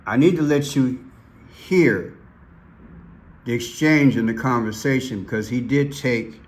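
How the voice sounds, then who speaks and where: This is a man at an unhurried pace, talking over clips he plays. He leans hard on key words and repeats them. His pitch sits in a middle range. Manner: emphatic, stresses single words and repeats them. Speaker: commentary channel host. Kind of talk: slow, deliberate commentary over played clips.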